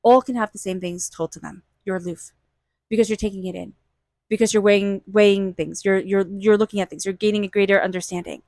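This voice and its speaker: A woman's voice: mid-range voice, steady tone, fairly quick, darkish tone, no echo. A woman giving a casual, reassuring tarot reading, repeating phrases for emphasis. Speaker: tarot reader.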